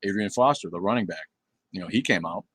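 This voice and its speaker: A man's voice: low-pitched, expressive, fast, fairly bright tone, slightly rough. A middle-aged man hosting a casual livestream, answering viewer comments in a blunt, profane and rambling way with many fillers. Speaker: livestream host.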